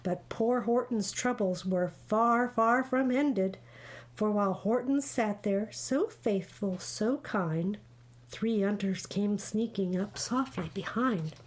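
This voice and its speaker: A woman reading a rhyming picture book aloud in a rhythmic, expressive way. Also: medium pitch, slow. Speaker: storybook reader.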